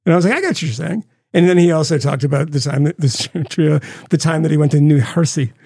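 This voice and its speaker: Gravelly, husky man ranting casually. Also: a little high, quick pace, darkish tone, no room sound, studio quality. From United States. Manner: rambling, profane, laughing storyteller. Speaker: podcast co-host. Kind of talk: casual rambling chat.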